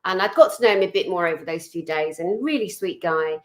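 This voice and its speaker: A woman telling a personal story in a chatty, animated way over a video call, with lots of fillers. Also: on the low side, a little fast. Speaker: guest.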